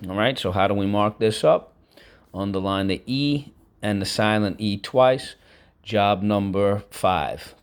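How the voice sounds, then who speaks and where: A male teacher leading a classroom vocabulary lesson, breaking words into syllables and having students repeat them, with casual asides and frequent okays. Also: deep voice.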